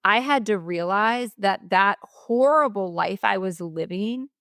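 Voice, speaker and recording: A woman's voice: mid-range voice, unhurried, a bit bright, dry recording, studio quality. A middle-aged woman, a mindset coach, speaking as a guest in a podcast interview in an emphatic, motivational way.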